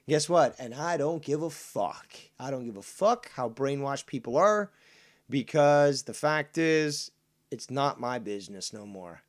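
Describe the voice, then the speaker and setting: A man hosting a livestream and delivering an indignant, profane rant. He swears heavily, repeats lines for emphasis, and slows right down to hammer home key points. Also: mid-range voice, expressive. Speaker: livestream host reading viewer comments. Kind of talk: profane ranting monologue.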